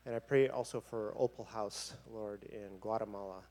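A man leading a spoken prayer in an earnest, halting way. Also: fairly low pitch, fairly even intonation, darkish tone.

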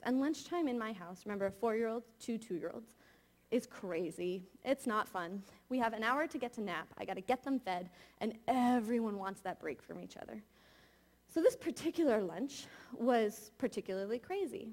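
A woman's voice: a little high, darkish tone. A woman in her thirties preaching a sermon, telling a candid, confessional personal story.

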